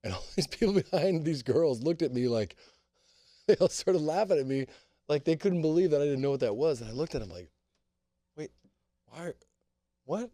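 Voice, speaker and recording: A man, a guest on a casual podcast, telling a rambling story in an animated way. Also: on the high side, brisk, no echo, clean studio sound.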